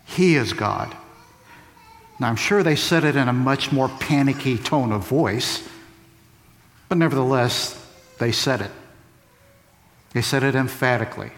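A man's voice: medium pitch, moderate pace, pauses often. A man preaching a sermon, asking rhetorical questions and repeating key phrases for emphasis. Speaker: pastor. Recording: long reverb of a large hall.

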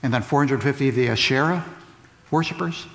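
A man's voice: medium pitch, brisk, vocal fry, fairly bright tone. A man preaching a sermon, asking rhetorical questions and repeating key phrases for emphasis. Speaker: pastor. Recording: long reverb of a large hall.

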